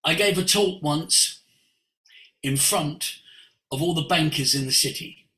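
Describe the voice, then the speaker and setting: An older man, a voice coach, tells stories in an expressive way, moving between hushed asides and sudden exclamations. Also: a little high, measured pace. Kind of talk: animated storytelling. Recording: roomy echo.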